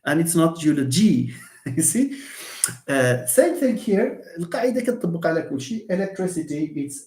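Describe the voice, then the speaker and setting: A man's voice: fairly high pitch, sing-song, fast talker, a little mellow. A man teaching English word stress in a live lesson, slipping into Arabic and mimicking wrong pronunciations. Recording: roomy echo.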